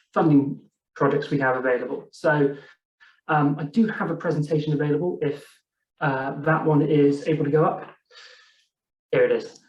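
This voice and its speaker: A grants officer with a fairly high voice gives a friendly, halting presentation over a video call. He sits far from the mic in an echoey room, and the sound is dull and lo-fi.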